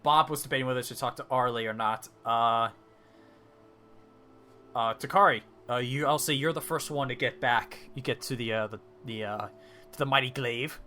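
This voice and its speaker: A male dungeon master narrates a tabletop game in a bright, forward voice, stumbling through fillers and restarts as he sets each scene. A faint hiss sits under the voice. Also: mid-range voice. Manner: halting, many fillers and restarts.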